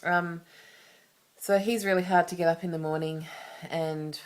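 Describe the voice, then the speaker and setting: An Australian woman speaks into the camera in a low voice, sharing personal matters in a confessional vlog. She rambles candidly and often restarts her sentences, circling back with asides as she goes. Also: steady tone, unhurried. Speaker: vlogger.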